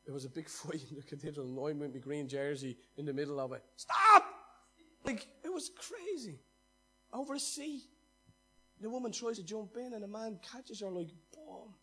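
A man preaching a sermon as pastor, impassioned, swinging from loud exhortation to hushed asides and stumbling over repeated words when fired up. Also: fairly high pitch, steady tone, a little fast, husky.

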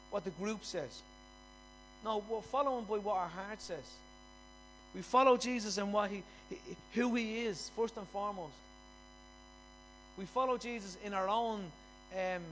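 Impassioned male preacher, high voice. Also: a bit bright, poor audio. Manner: impassioned, repetitive, quick to raise his voice. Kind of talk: sermon. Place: church.

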